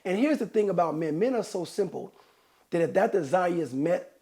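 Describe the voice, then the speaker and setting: A middle-aged man hosting a relationship podcast, telling stories in a candid, animated way and acting out quotes with laughter. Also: sits high, moderate pace. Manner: animated storyteller, acts out quotes, laughs often. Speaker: podcast host, relationship counselor. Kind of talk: candid conversational advice.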